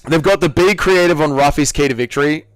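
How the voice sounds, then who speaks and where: A young Australian man hosting a casual livestream watch-along, excitable and swearing freely as he reads chat aloud. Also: a little high, fast, clean tone, no echo, clean studio sound, soft background music. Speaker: livestream host.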